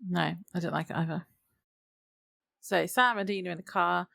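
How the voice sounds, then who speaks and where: A woman's voice: on the low side, fairly even intonation, normal speed, gravelly, a bit bright, dry recording. A woman co-hosting a podcast, summarizing scenes in casual chat with dry quips. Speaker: podcast co-host.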